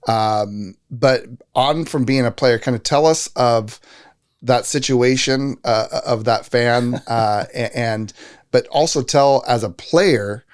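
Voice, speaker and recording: A man's voice: mid-range voice, takes it slowly, clean tone. A man hosting a casual interview, asking long rambling questions. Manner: rambling questions with fillers and restarts. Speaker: podcast host.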